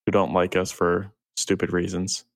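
A man's voice: sits low, monotone, moderate pace. Easygoing male podcast host. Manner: easygoing, laughs between remarks. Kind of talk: casual gaming podcast chat.

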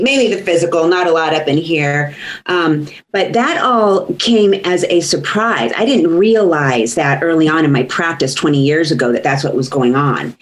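A woman's voice: lowish voice, low-quality recording. A woman who works as a voice coach, chatting casually in a group conversation.

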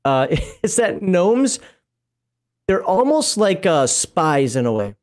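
A man's voice: sits high, big pitch swings, slow, darkish tone. A man co-hosting a casual talk show, reading lore aloud and rambling into asides with frequent laughs. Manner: rambling, stops to laugh and comment. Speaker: podcast co-host reading game lore.

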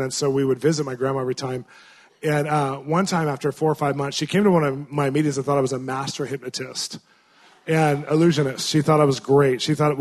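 A man preaching in an animated storytelling way, swinging between excited and hushed. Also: on the high side. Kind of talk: storytelling sermon.

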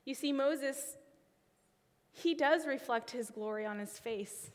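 Woman preacher, high bright voice, expressive delivery that sinks to near-whispers; long echo of a big sanctuary. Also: slow. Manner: expressive, trailing phrase ends into a whisper. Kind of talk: sermon with a personal story.

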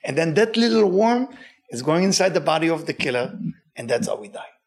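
Speaking briskly, a man with an evident foreign accent gives his weekly Torah class. His delivery is energetic, full of pitch swings and emphatic repetition.

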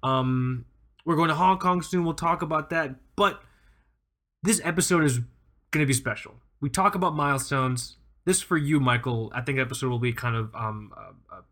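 A man's voice: medium pitch, a bit bright. A man co-hosting a casual podcast, talking with energy, joking and laughing often. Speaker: podcast co-host.

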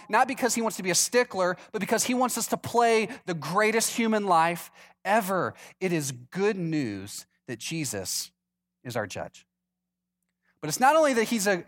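Man, pastor, sermon, high voice, conversational, asks the congregation. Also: fairly bright tone.

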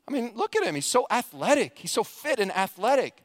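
A nervous, stammering young college woman, as a male preacher puts her on during a sermon story. The voice is pitched high and swoops around as she fumbles for answers. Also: big pitch swings, brisk, no echo, studio quality. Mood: flustered. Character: flustered young female college student.

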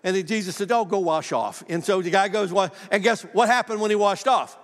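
A man's voice: high voice, a little fast, fairly bright tone. A middle-aged male pastor with a lingering cough, preaching in a folksy, self-deprecating way and acting out quoted dialogue in a church sanctuary. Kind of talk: sermon with personal storytelling. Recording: long hall reverb.

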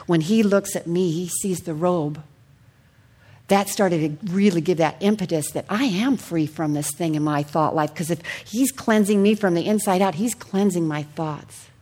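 A woman preaching a sermon in a church hall, earnest and personal, sharing her testimony and sometimes dropping her voice to a hush. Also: on the low side, slightly rough. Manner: earnest, personal testimony with soft hushed passages.

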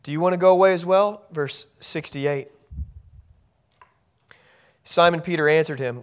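A man's voice: high-pitched, measured pace, pauses often. A man preaching a sermon as pastor, earnest, often repeating phrases and restarting his sentences.

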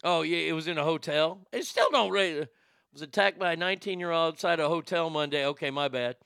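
A man's voice: on the high side, a little fast, gravelly, a bit bright, clean tone, no echo, studio quality. A man hosting a casual talk show, blunt and rambling, swearing freely. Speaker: show host.

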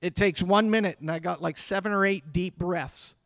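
A man delivering a sermon as a pastor, talking conversationally with dramatic pauses. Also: high voice, a bit bright, no room sound, clean studio sound. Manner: conversational preaching with dramatic pauses and acted quotes.

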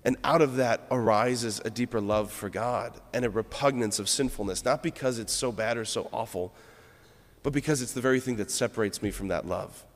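A man's voice: mid-range voice, a little fast. Priest guy giving a sermon, earnest and reflective, tells stories, long echo like a big church. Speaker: Catholic priest. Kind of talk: homily.

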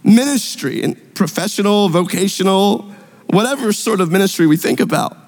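A male pastor preaching a sermon in a church sanctuary, with earnest, repetitive emphasis and drawn-out key words. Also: high-pitched, animated, a little mellow. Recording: long reverb in a large hall.

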